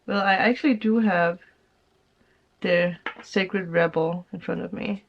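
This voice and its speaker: A woman's voice: fairly low pitch, fairly even intonation, a little slow, vocal fry. A woman giving a casual tarot reading, chatty and laughing often as she acts out people's reactions. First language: Danish. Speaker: tarot reader. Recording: slightly dull lo-fi sound.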